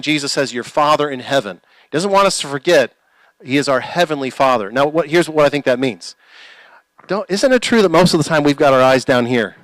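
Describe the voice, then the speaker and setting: A pastor preaching a sermon in church, asking the congregation rhetorical questions. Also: male voice, mid-range voice, fairly bright tone, dry recording, low-quality recording.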